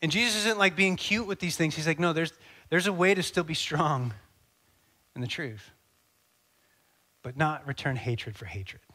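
Animated preacher man, slightly high voice. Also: moderate pace, long pauses. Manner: animated, acts out dialogue, conversational asides. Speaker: pastor. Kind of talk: sermon.

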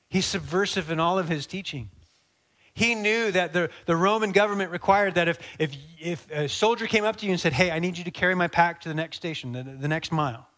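Man, pastor, sermon, conversational, acts out scenes, slightly high-pitched. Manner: animated, acts out dialogue, conversational asides.

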